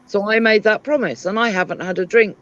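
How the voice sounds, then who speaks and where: A British woman chatting casually on a live stream, telling animated stories. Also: mid-range voice, brisk. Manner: animated storyteller, lively voice. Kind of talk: casual chat. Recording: dry, dull lo-fi stream audio.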